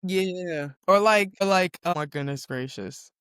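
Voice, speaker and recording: A woman from the Southern United States, co-hosting a podcast and telling stories in an animated, profane, chatty way. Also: lowish voice, measured pace, smooth, no room sound, clean studio sound. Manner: self-described yapper, animated and profane storytelling. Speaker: podcast co-host. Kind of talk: casual chat.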